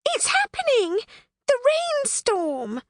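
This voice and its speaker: A squeaky, shrieking little female pixie who panics at everything. Her voice jumps very high and loud, and the dry, close sound keeps every squeal crisp. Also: sing-song, normal speed, dry recording, full character voice.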